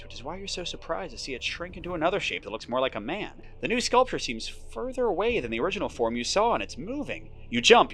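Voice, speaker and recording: Brief: male board game host, lively pitch, dramatic story reading mixed with casual rules chat. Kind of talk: reading story text and explaining game moves.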